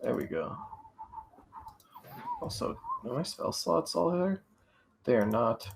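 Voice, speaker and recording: Gravelly male player over noisy mic. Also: a little high, very animated, takes it slowly. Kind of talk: casual out-of-character chat. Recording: noisy home mic with keyboard typing.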